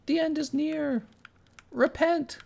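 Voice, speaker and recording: A man's voice: very high-pitched, steady tone, slow pace, creaky, a little mellow, pitched above the performer's own voice, heavily acted. A man voicing a frantic, wailing doomsday preacher in a mocking impression. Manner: wailing, theatrical warnings.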